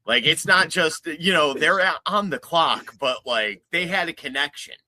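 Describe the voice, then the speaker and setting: A man's voice: a little high, animated, moderate pace, pushed and bright. A man making wry jokes in a casual podcast chat. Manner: wry, joking.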